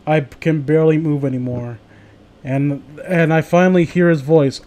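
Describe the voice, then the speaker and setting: A man's voice: fairly high pitch, fairly even intonation, moderate pace, darkish tone. A young man reading fan fiction aloud with sarcastic, swearing comedic commentary. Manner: sarcastic, swears, laughs, mock voices for quotes.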